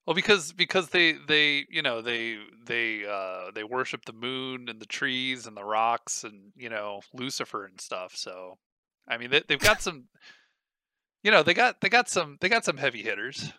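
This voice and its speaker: A young man co-hosting a casual podcast, rambling and halting, restarting his sentences. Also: medium pitch, lively intonation, sharp tone, clear, resonant tone, no echo. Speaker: podcast co-host.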